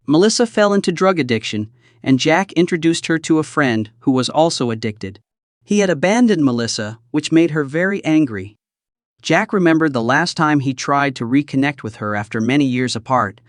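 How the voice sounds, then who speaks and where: Male recap narrator, animated scripted storytelling, close dry read. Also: on the high side, dry recording.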